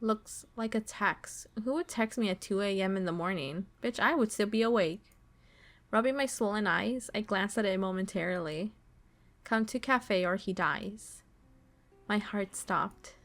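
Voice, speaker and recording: A woman streamer reads a visual novel's story text aloud in a slow, dramatic voice at an ordinary middle pitch. She stops now and then to swear and react to the story. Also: a bit bright. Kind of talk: reading game text aloud with live reactions.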